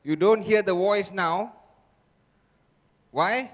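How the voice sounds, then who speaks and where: A male motivational speaker addresses a live audience in a large seminar hall and keeps repeating rhetorical questions to draw them in. His voice sits high, and he speaks slowly and deliberately. Long reverb hangs after each line. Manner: repetitive rhetorical questions to the crowd.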